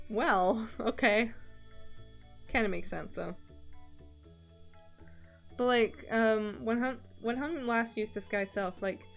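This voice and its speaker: A woman's voice: a little high, expressive, extremely slow, long pauses, faint music behind. Chatty woman streamer, laughs a lot. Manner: rambling, laughs often, lots of ums. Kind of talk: casual stream chat. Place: lives in Scotland.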